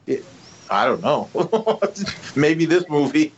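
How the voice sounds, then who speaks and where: Male co-host, a touch high, chatty and curious, slightly dull mic. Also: lively intonation, takes it slowly, breathy edge. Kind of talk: casual chat.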